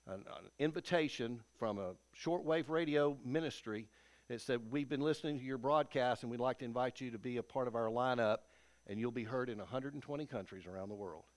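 A Texan man preaching a sermon in a church, folksy and storytelling, with a homespun ease. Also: medium pitch. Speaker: pastor. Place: church sanctuary.

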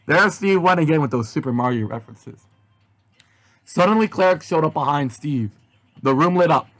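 A man reading a fan story aloud, animated in his delivery. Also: on the high side, moderate pace. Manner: animated, with shouted outbursts. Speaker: reader.

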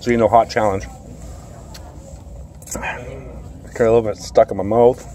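A man's voice: mid-range voice, fairly even intonation, a little slow, dark tone. A man giving a casual, rambling food review, hesitant and full of filler sounds, sweating from spicy food. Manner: rambling, hesitant, lots of uh and repeats. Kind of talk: casual chat.

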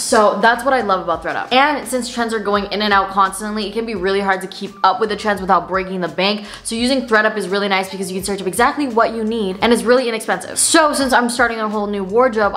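A woman's voice: medium pitch, fairly bright tone. A young woman vlogging a sponsored try-on haul, chatting in a bubbly, slangy way full of "like" and "literally". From Canada. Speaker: fashion vlogger. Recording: echoey room, faint noise.

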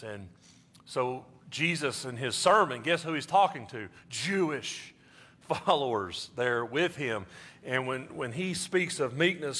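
Animated man preaching a sermon. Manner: animated, jumps high in pitch for emphasis. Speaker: pastor.

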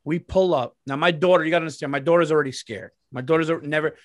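A man's voice: a little high, very fast, no room sound, clean studio sound. A man hosting a podcast, telling a comedic story with profanity and acted-out quotes. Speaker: podcast host.

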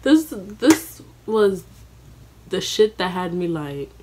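Husky young woman telling a storytime. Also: on the low side, slow pace. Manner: animated, profane, dramatic self-quoting. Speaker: vlogger. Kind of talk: casual storytime.

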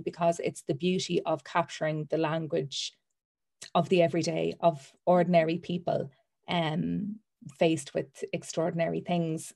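A woman's voice: fairly low pitch, vocal fry, warm tone. A woman author, reading from her book and answering interview questions earnestly and enthusiastically.

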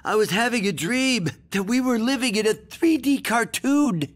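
A woman's voice: fairly high pitch, moderate pace, natural voice. A woman voicing a goofy, good-natured male cartoon dog who teases with a dopey chuckle. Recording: loud music behind.

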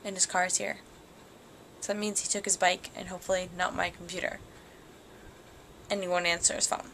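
A woman's voice: on the low side, little pitch movement, fairly quick, a bit bright. Wry young woman over a noisy recording. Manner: wry, sarcastic. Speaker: vlogger. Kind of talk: casual vlog chat.

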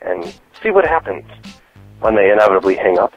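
A man with a low voice leaves a message on a dull, lo-fi recording. He explains his idea eagerly, step by step, with faint music behind him. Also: very animated, brisk, no room sound. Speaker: caller leaving a message.

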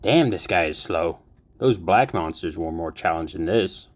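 A man's voice: low-pitched, animated, unhurried. Brief: cocky young male fighter, flippant quips, narrator's put-on voice. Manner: flippant wisecracks.

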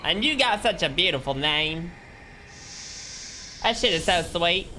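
A man's voice: high voice, lively intonation, measured pace, bright, forceful tone, a little hiss or hum. A young man casually commenting on a video game he is playing, joking and greeting viewers by name. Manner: jokey, chats with viewers while playing. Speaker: streamer. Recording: game music playing behind.

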